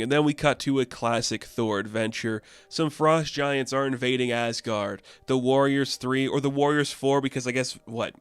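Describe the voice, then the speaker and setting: Rambly comic review guy, super casual, smooth clear voice, dry close mic. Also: medium pitch, a bit bright, no echo. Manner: chatty, rambling, full of "like" and "you know".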